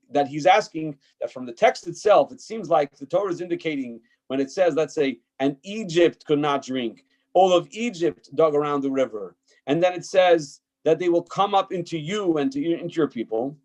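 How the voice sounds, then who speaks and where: A man's voice: fairly high pitch, animated, moderate pace, a little mellow, rough recording. A man teaching a Torah text class as a rabbi, reading passages aloud and explaining them emphatically with frequent fillers and restarts. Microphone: checks if listeners can hear him.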